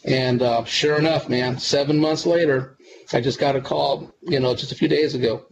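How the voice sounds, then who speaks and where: A man, a psychic medium guest on a radio interview, telling stories in a relaxed, rambling way and repeating himself. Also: mid-range voice, normal speed. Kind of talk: conversational radio interview storytelling. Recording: dull lo-fi sound with clear background noise.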